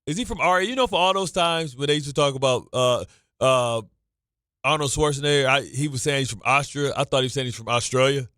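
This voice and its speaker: Male sports radio host, nervous stammering banter, bright and dry. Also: medium pitch, fast, no echo. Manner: stammering, repeats himself, nervous joking. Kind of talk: excitable sports talk banter.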